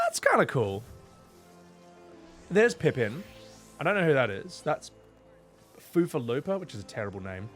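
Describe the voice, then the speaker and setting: A man's voice: on the low side, a bit bright. Man giving casual gaming asides. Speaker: streamer. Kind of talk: gaming commentary.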